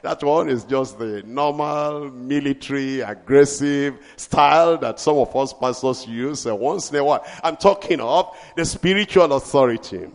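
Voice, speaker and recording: A man preaching a sermon as pastor, swinging from shouted declarations to hushed asides. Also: mid-range voice, moderate pace, hardly any pauses, big-room sound.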